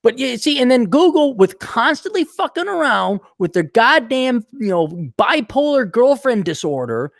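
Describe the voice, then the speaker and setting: A man hosting a casual podcast chat, ranting with lots of swearing and animated storytelling. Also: very high voice, normal speed, creaky, hardly any pauses, dry recording, clean studio sound. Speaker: podcast host.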